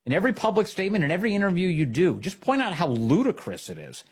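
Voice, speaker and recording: A man hosting a political commentary show, talking in an animated, sarcastic way. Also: sits high, fast talker, husky. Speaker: host.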